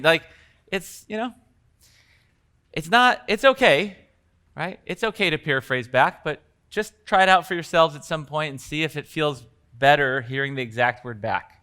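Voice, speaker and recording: A man's voice: on the high side, animated, normal speed, bright, forceful tone, clear, resonant tone. A man teaching coaches at a live workshop in a conversational way, acting out bits of example dialogue. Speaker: coaching trainer.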